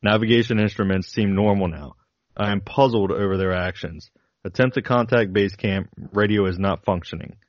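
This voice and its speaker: Male co-host, low voice, reads dramatically; dull, dry sound. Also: normal speed, dry recording. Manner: dramatic reading with laughs breaking in. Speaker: podcast co-host. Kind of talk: reading a flight log aloud, then casual chat.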